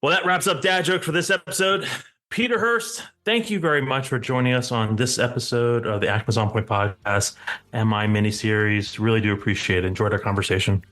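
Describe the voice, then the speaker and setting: A man's voice: medium pitch, steady tone, a little fast, a bit bright. A man hosting a podcast, running a casual dad-joke segment with many "all right"s and easy laughter. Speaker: podcast host.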